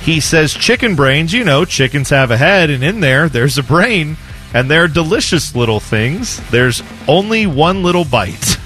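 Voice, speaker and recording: Animated man telling a radio story. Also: fairly high pitch, a little slow, soft background music. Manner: jokey, storytelling, chuckling. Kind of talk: casual radio banter.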